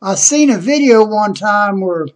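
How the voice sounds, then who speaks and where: A man talking casually into a webcam about a package, hesitant, with many pauses and restarts. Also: sits high, animated. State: out of breath. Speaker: vlogger. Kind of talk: casual unboxing vlog.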